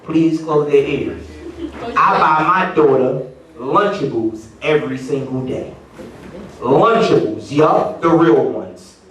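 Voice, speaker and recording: A man's voice: on the high side, slow, a little hiss or hum. A middle-aged man performing a stand-up comedy set at a party, telling stories and putting on voices for the people in them. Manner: animated storytelling with voiced quotes. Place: party venue with live audience. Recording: roomy, distant venue recording. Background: audience laughter.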